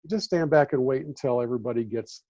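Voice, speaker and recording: A man in his fifties, a former beat reporter, telling animated stories on a podcast and acting out the voices of the people in them. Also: medium pitch, fast talker, no echo. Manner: animated anecdotes, acts out quoted voices. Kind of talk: casual storytelling chat. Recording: dull lo-fi audio.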